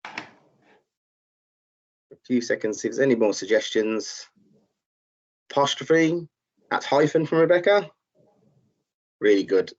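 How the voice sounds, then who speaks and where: A man teaching a live online lesson, encouraging learners and reading out their chat answers, with many fillers. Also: medium pitch. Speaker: tutor. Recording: slightly dull, muffled audio.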